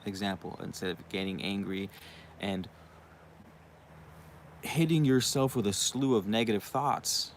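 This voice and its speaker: A young man with a low, gravelly voice talks through a loose, profane monologue, circling back with asides as he goes. A faint bed of room noise sits under his voice. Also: measured pace. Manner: profane, rambling, uses you know what I mean often. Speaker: channel host. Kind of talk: casual monologue.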